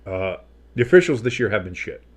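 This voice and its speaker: A man's voice: on the low side, big pitch swings. Rambling, profane fan play-by-play man. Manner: rambling, profane, joking asides; says he is talking fast on too much coffee. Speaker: play-by-play commentator. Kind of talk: casual fan play-by-play commentary.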